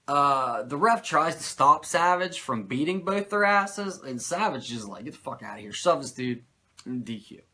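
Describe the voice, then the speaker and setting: A man hosting a podcast, recapping a show in animated, profane, sarcastic casual chat. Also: on the high side, unhurried. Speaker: podcast host recapping wrestling.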